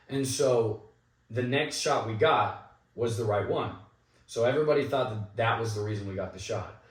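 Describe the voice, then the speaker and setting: A young man with a lowish voice recounts behind-the-scenes stories in a relaxed, animated way. He sits back from the mic in an echoey room. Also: normal speed, recorded from a distance. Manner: animated anecdotal storytelling with quoted asides. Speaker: actor guest. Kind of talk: casual interview storytelling.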